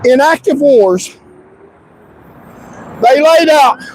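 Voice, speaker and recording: Male livestream commentator, very high voice, emphatic and repetitive delivery with occasional shouts. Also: lively intonation, extremely slow, slight background noise, rough recording. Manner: insistent and repetitive, stretching key words, at times shouting.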